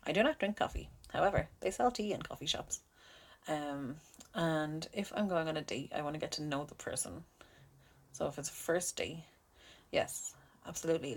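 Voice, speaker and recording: A woman's voice: deep voice, creaky. A woman in casual chat, answering listener questions in a chatty, self-deprecating way and laughing often. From Ireland. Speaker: amateur audio creator answering listener questions.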